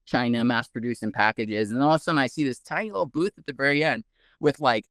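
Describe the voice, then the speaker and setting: A man, a guest researcher, telling a story in a casual, animated way with many "like"s. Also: medium pitch, fast, no echo, studio quality. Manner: animated, heavy use of "like".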